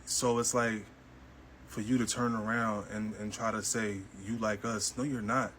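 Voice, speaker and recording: A man's voice: fairly low pitch, level tone, moderate pace, fairly bright tone, slight background noise, low-quality recording. A man co-hosting a podcast, talking bluntly and dismissively. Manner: blunt, dismissive, direct address. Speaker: podcast co-host. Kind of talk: podcast commentary.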